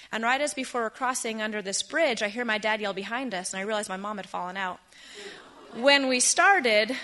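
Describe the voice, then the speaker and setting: Woman in her 30s spinning a story for a crowd, kinda high bright voice, chatty asides. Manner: lively, chatty, with frequent fillers and quick asides. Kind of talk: personal story told to a live audience.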